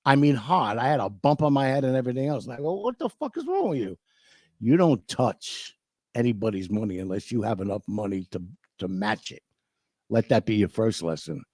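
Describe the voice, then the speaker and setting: A man's voice: fairly low pitch, a little fast, mellow, no room sound, clean studio sound. An older man telling a profane story and acting out both sides of the conversation. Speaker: storytelling guest. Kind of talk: casual storytelling.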